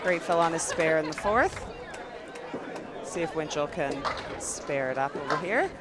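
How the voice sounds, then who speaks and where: A woman's voice: low-pitched, expressive, a little slow. A woman with a Canadian accent, a guest doing cheerful play-by-play commentary on a bowling match, laughing often. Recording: loud crowd and noise at a bowling alley.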